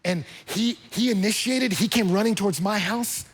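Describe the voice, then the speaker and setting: A man's voice: high-pitched, moderate pace, husky. A pastor preaching a conversational sermon with humor, acting out quoted voices as he explains scripture. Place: church.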